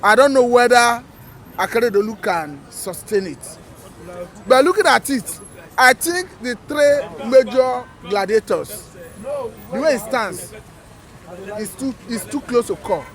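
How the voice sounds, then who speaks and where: A man giving calm, analytical political commentary outdoors. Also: very high-pitched, unhurried, long pauses. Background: crowd noise.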